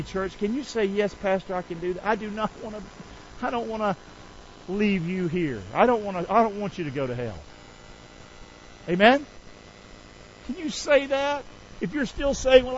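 A man's voice: high voice, a bit bright, dull audio. A man preaching a sermon as pastor, leading call-and-response and mixing folksy slang with quoted scripture. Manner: call-and-response preaching, asks the church to repeat lines; folksy, drops into casual slang between scripture.

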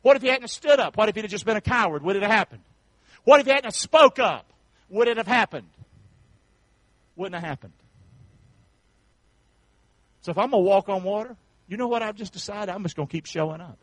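A man preaches a sermon in a high, bright-pitched voice. He calls out to the congregation for answers and swells into shouts. The sound is dry and close. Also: a little fast, long pauses, dry recording, low-quality recording. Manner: preachy call-and-response, rising to shouts. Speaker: pastor.

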